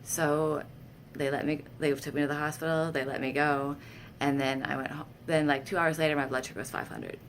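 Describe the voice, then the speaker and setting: Woman, low voice, casual storytelling vlog, candid and self-mocking, faint noise behind. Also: fairly quick. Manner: candid, self-deprecating, animated when quoting herself. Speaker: vlogger sharing personal stories.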